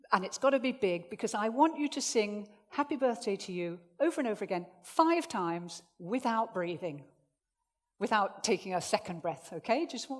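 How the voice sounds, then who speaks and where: A woman running a presentation skills workshop for a live audience, jokey and lively, swinging her voice up and down to make her points. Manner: lively, jokey, swings pitch widely for demonstration. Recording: echoey hall reverb.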